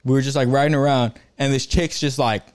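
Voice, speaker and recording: A man's voice: medium pitch, steady tone, brisk. A young man in casual chat, blunt and crude in his jokes.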